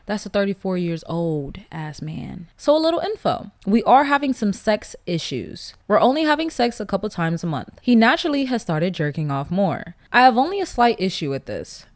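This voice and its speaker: A woman hosting a casual podcast, blunt and profane, getting animated with loud laughing outbursts. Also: mid-range voice, normal speed, few pauses. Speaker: podcast host. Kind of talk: casual podcast chat, reading listener stories.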